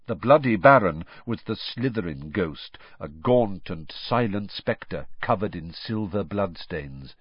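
A man narrating a storybook audiobook in a measured, expressive way. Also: sits low, breathy edge, dry recording, muffled recording.

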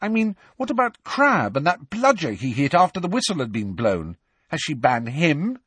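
A man gives a teenage girl teammate a high, protesting voice, well above his own. She sounds aggrieved and husky, in a dry, close audiobook reading. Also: huge pitch swings, normal speed, fairly bright tone, no room sound, heavily acted. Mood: indignant. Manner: numb then furious.

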